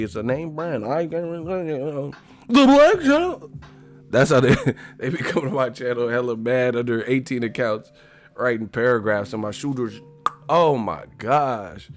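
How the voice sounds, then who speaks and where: Profane, laughing man hosting a live stream. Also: mid-range voice. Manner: loud, profane, laughing, joking. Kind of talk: casual live-stream chat.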